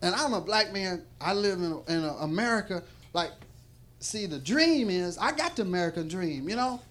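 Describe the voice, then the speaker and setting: A man's voice: high-pitched, expressive, moderate pace, a bit bright. A man doing a rambling, profane stand-up set on a club stage, laughing often and restarting his sentences. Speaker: stand-up comedian. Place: club stage before a live audience. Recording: live club recording with crowd noise. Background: audience noise.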